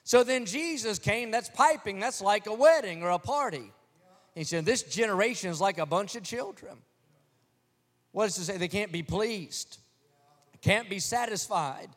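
High-voiced preacher in a reverberant hall. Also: male voice, animated, normal speed. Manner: dramatic storytelling preacher, voices the crowds in his stories. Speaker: pastor. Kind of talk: sermon. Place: church sanctuary.

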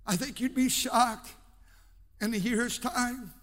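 A male pastor preaching in a church with a very high, bright, forceful voice. He swings from hushed pleading to shouting. The sound carries a long hall reverb. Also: fairly even intonation, slow. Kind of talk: sermon. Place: church sanctuary.

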